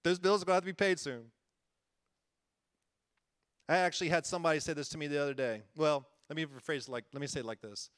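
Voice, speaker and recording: A man's voice: fairly high pitch, fast talker, long pauses, fairly bright tone, no echo, clean studio sound. A man preaching a conversational sermon as a church-planting pastor, earnest and folksy, often chuckling and repeating himself.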